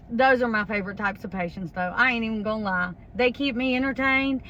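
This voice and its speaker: A woman's voice: fairly high pitch, a little fast, hardly any pauses, bright, forceful tone, a little hiss or hum. A woman, a home health worker telling a funny story in a brash, profane, chatty way. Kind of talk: comedic storytime.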